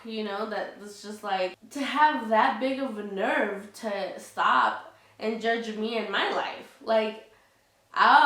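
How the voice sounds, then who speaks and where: A woman's voice: fairly high pitch, a bit bright, distant mic. A woman vlogging in a candid, casual way, speaking frankly and heatedly, swearing freely and leaning on fillers like "you know". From Latina heritage. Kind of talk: casual candid vlog talk. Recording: roomy sound, speaker some way from the mic.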